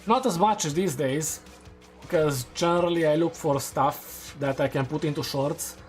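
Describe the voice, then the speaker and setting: A gaming streamer, speaking English as a second language, chats casually over his gameplay and laughs at his own takes. His voice is on the high side, his speed normal, with faint music in the background.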